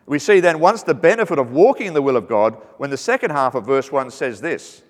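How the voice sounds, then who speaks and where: A man's voice: mid-range voice, expressive, a little fast. A man preaching a sermon, earnest and teaching, with joking asides that lighten the message. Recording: reverberant hall.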